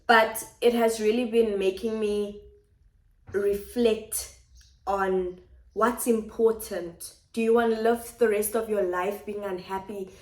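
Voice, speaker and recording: Woman vlogging from her kitchen, mid pitch, thoughtful, says things twice, roomy sound. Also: steady tone, slow, darkish tone. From South Africa. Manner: reflective, speaks in repeated phrases. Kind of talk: personal vlog confiding to viewers. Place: home kitchen. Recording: echoey kitchen.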